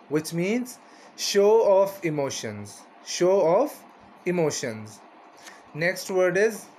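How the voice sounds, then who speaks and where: A man's voice: fairly high pitch, slight background noise. A man teaching a vocabulary lesson, repeating each word and its meaning and often asking "right?".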